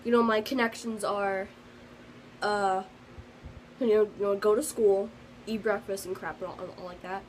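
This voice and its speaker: A teen vlogger tells about her day in an earnest, sensitive storytime, wandering along with fillers, restarts, asides and long pauses. Her middle-pitched voice stays fairly even at a normal speed. Faint background hiss and poor audio quality mark the recording.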